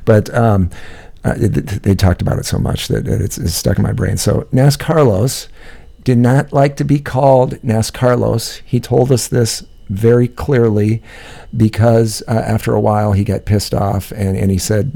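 A man's voice: on the low side, fairly even intonation, moderate pace, gravelly, mellow. A man telling a rambling, profane story in casual chat, laughing often.

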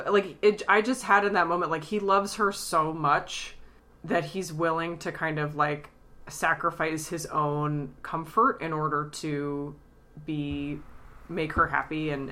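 A woman co-hosting a podcast in casual chat, tearful, retelling scenes and acting out lines in a high squeaky voice. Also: sharp tone. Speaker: podcast co-host.

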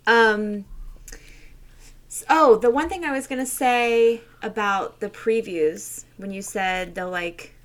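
A woman with a mid-range voice speaks slowly as a podcast co-host in casual chat. Her talk is loose and rambling, full of "like."

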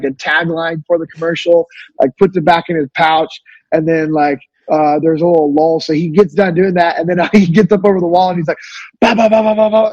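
A man's voice: fairly high pitch, darkish tone, husky, no room sound, dull audio. A man in his thirties telling stories casually as a podcast guest, laid-back with many fillers. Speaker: guest, former navy special operator. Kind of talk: casual storytelling.

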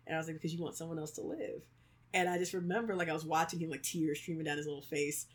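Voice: mid-range voice, fast talker. A podcast co-host in their thirties talking casually, leaning on "like" and acting out quoted lines with frequent laughs. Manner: animated storyteller, acts out quotes, many "like"s; laughs often. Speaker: podcast co-host, creator of fictional worlds. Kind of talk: casual chat.

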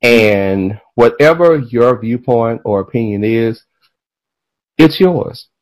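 A man hosting a podcast in casual chat, animated and profane, drifting into tangents and laughing as he talks. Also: mid-range voice, slow pace, low-quality recording. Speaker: podcast host.

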